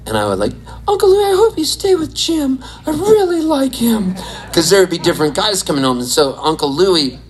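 A man in his sixties with a fairly high voice tells stories in a casual way. He is animated and quick to laugh, and he swears freely. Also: slight background noise, poor audio. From Southern California. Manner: animated, laughing, profane anecdotes. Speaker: storyteller. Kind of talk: casual storytelling.

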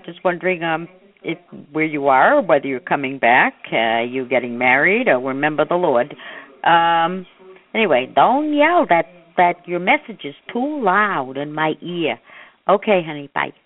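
A woman's voice: low-pitched, expressive, unhurried. An older woman leaving chatty, rambling, affectionate voicemail messages for her grown child. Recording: phone-line voicemail.

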